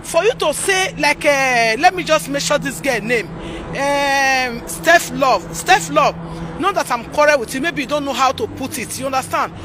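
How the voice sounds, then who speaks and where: A woman's voice: high-pitched, a little slow, a crowd in the background, noisy background. A Nigerian woman from Edo, ranting in a heated, pleading way in a vlog, repeating herself as she scolds people. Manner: agitated, pleading, repetitive. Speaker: vlogger.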